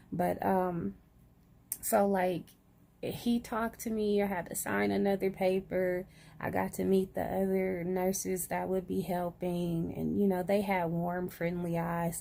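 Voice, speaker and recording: Groggy gravelly-voiced woman chatting. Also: lowish voice, mellow. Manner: chatty, says "y'all" often. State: groggy after surgery. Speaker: vlogger. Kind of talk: casual chat to camera.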